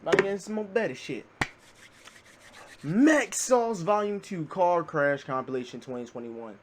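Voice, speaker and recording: Reaction host, male, excitable and loud, very lively delivery. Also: high voice, moderate pace, slight background noise. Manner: excitable, yells at the clips, heavy swearing. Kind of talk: casual profane reaction commentary.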